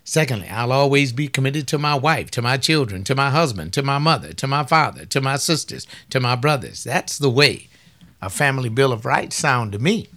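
A man's voice: medium pitch, expressive, moderate pace, a bit bright. A man giving a folksy, preaching-style talk on family life. He teases his listeners and fires off rhetorical questions.

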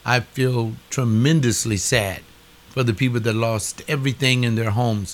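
A man's voice: medium pitch, measured pace, a bit bright. An older man delivering a preaching monologue, emphatic, repeating phrases with a rising preacher's cadence.

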